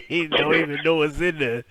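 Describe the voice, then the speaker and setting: A man, a guest in a casual chat, joking in a profane, lively way. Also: on the high side.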